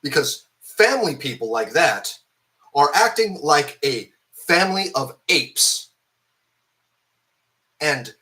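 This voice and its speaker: Hung-over man venting about a movie, foul-mouthed and rambling, with a bright, tense tone. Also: on the high side, big pitch swings, takes it slowly, pauses often. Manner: profane, angry, rambling with many fillers. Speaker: film reviewer. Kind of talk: ranting film review.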